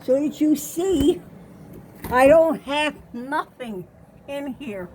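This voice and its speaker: An older woman with a high voice talks slowly into a phone held in her hand, out of breath and insistent as she walks through her small kitchen. A faint room hum sits behind her. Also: animated, a little mellow, rough recording. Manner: insistent, keeps saying okay. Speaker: vlogger. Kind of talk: home video walkthrough. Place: small home kitchen, indoors.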